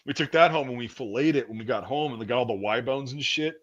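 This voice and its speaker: A man's voice: medium pitch, fast, a bit bright, dull audio. A man in his thirties hosting a casual chat, telling stories with a rambling, profane manner. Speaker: podcast host.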